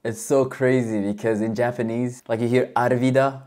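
A woman hosting a reaction video, talking casually in an excitable, slangy way and laughing often. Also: rumbling low, normal speed.

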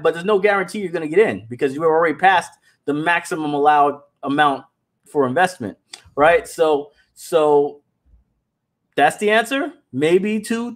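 A man hosting a casual livestream for his animation company. He is animated, talks straight to his viewers, and often repeats words. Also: a little high.

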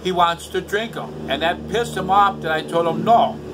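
At home, a man in later life rants angrily to camera, repeating himself in a bitter, profane way. He has a high voice at normal speed, and background noise can be heard.

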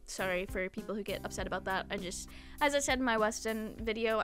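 A young woman in her twenties giving a chatty, giggly, slang-heavy casual recap of a manga as a commentator. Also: medium pitch.

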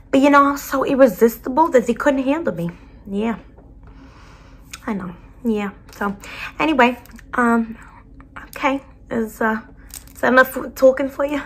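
A woman voicing a brash, blunt school counselor with a New Jersey accent, in a whispered role-play. She talks with a breathy, soft voice and keeps calling the listener sweetie. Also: a little high.

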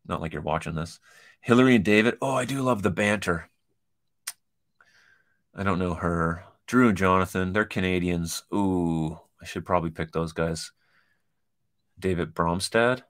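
Deep voiced guy chatting thru an online quiz, jokey asides, casual. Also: a bit bright. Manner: joking, chatty, reads quiz items aloud with asides. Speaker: kitchen designer and host. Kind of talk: casual commentary over a shared screen.

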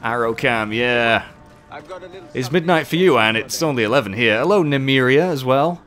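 Male streamer, animated and sweary, chatting with viewers over game music. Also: medium pitch, normal speed. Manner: excitable, swears often, chats with viewers while playing. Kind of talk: casual live-stream commentary.

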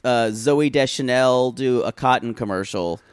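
A man's voice: mid-range voice, unhurried, clear, resonant tone, dry recording, clean studio sound. A man co-hosting a podcast in casual chat, wry and teasing, reading out quotes with relish. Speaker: podcast co-host.

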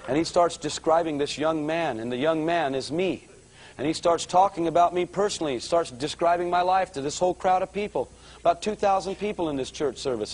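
A man giving a conversational sermon testimony at a live church service, his storytelling growing excited and louder. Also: on the high side, fairly quick, low-quality recording. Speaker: guest speaker giving a testimony.

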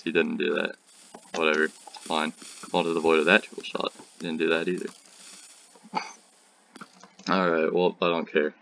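A teenage boy with a low, fairly bright voice hosts a gaming channel, giving casual gameplay commentary. His talk is rambling and jokey, and he talks back to the enemies on screen.

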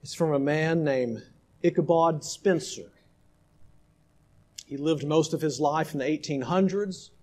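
High-voiced emphatic male preacher. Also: unhurried, long pauses. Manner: emphatic, swings between loud exhortation and hushed asides. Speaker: pastor. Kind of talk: sermon.

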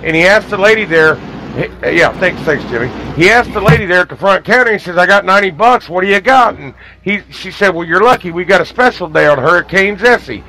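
A man's voice: sits high, lively intonation, a little fast, sharp tone, poor audio. A man on a talk radio show, rambling through old jokes with lots of false starts. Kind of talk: casual talk radio banter.

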